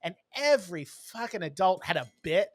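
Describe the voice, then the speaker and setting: A man's voice: high voice, very animated, normal speed, dry recording. A man co-hosting a casual podcast chat, telling stories in a blunt, snarky way. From New York. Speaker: podcast co-host.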